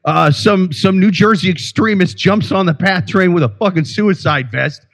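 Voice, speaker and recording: Podcast co-host, male, from Iowa, slightly higher voice, rambling and profane with constant restarts. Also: normal speed. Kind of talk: casual podcast banter.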